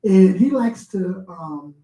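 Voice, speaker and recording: A woman co-hosting a casual radio talk show, who tells stories in an animated way and laughs along. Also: mid-range voice, slow pace. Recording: echoey room.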